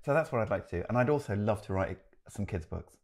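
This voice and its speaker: Chatty man, low voice. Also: animated, fast talker, a little mellow. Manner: chatty, self-deprecating, restarts sentences. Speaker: choreographer, interview guest. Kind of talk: relaxed interview chat.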